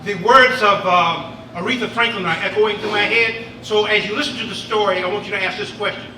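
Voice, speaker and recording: Lively high-voiced male storyteller, echoey hall. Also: a little fast, background noise. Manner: lively, playful, engages audience to join in. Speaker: griot storyteller. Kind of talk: live folktale storytelling to an audience. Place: event hall. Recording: echoey room from a distance.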